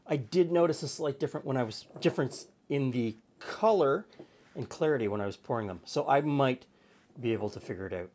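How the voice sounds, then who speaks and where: Guy hosting a cooking show, laid back, just explaining stuff in his studio, middle pitch. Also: fairly quick. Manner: relaxed, explanatory, plain-spoken. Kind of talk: casual tasting chat. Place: home studio kitchen.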